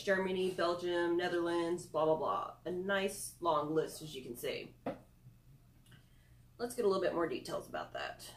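A woman's voice: mid-range voice, roomy sound. A young woman chatting casually through a product review, self-deprecating with giggly asides. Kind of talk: casual screen-recorded review.

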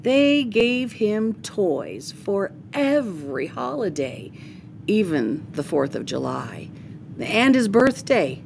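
A woman reading a children's picture book aloud to young listeners. She takes her time with each line, and her voice rises and falls expressively. A faint rumble sits underneath. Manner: expressive, lively storytelling. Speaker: storyteller.

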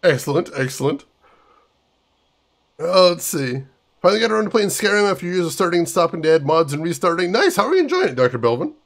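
A man's voice: high-pitched, big pitch swings, fast talker, creaky, a bit bright. A man casually commenting as he plays a video game and reads chat aloud. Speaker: gaming streamer.

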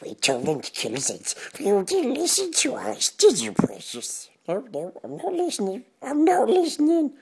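A man's voice: very high voice, huge pitch swings, moderate pace, vocal fry, few pauses, a little mellow, pitched above the performer's own voice, heavily acted. A man with a Yorkshire accent voicing a small, hissing, split-minded male creature that lurches between pleading and snarling. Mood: obsessive.

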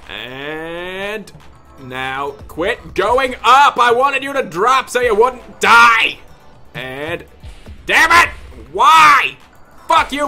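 A gaming video creator delivers angry gameplay commentary, ranting, yelling and cursing at the game. Between outbursts he mutters low under his breath.

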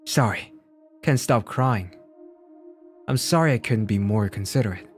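A gentle, dying companion murmurs a tearful farewell in a soft, low voice, as a man reads the lines from a game. The reading is tender and slow, with faint music behind it. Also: animated. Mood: tender sad. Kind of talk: reading game dialogue aloud.

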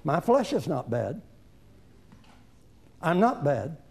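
A man's voice: fairly high pitch, big pitch swings, slow, gravelly, a little mellow. A man in his seventies, an evangelist giving an informal seminar sermon in a folksy, emphatic, conversational way, talking straight to his listeners. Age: 70s. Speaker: evangelist preacher.

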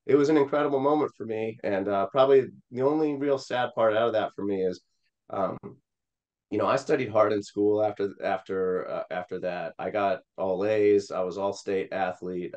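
A man's voice: low voice, steady tone, a little fast, a little mellow, muffled recording. A man from Missouri, a Senate candidate, telling an emotional personal story with many fillers and acted-out quotes. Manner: rambling with many fillers, quoting voices.

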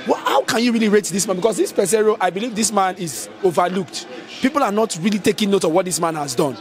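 A man's voice: high voice, fast, soft background music. A man with a Nigerian accent asking questions in a street interview, fired up and chatty.

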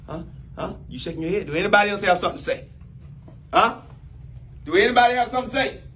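A man playing a new boss in a comedy sketch, bossy, loud and teasing, with big swings in pitch. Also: expressive, fast talker, a little hiss or hum.

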